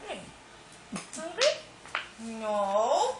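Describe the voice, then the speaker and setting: High-voiced bossy woman repeating commands. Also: very animated, drawn-out words. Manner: bossy and repetitive, drilling short commands. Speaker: playing the baby's caregiver. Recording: echoey room, far from mic, noisy.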